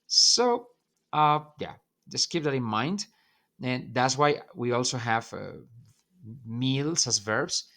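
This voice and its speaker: Slow-talking teacher, emphatic. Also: male voice, mid-range voice, animated, pushed and bright. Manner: repeats points with emphasis, checks in with "yeah?". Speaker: Spanish teacher. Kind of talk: online language lesson.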